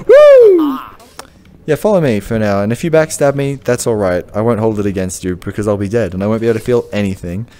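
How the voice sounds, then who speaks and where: Lively, joking Australian man gaming. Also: fairly low pitch, slight background noise. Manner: joking, teasing, laughs often. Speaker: gaming video host. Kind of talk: casual game banter.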